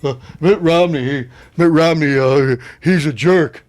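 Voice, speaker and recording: A man's voice: fairly high pitch, unhurried, a little mellow, natural voice. A man putting on the voice of a dim, clueless barbershop talker who hesitates with "uh" before every claim. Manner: hesitant, full of "uh".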